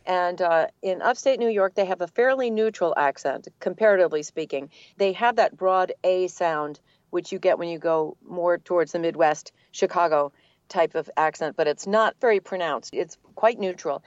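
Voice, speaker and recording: Low-voiced older woman voice actor. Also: normal speed, no echo, muffled recording. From Boston area, United States. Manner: articulate, relaxed storyteller with light laughs. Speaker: guest, voice actor. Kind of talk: conversational interview.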